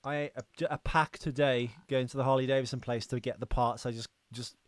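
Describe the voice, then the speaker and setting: A man's voice: medium pitch, steady tone, fairly quick, dry recording. A man co-hosting a podcast, chatting casually with crude jokes. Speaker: podcast co-host. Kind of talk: casual banter.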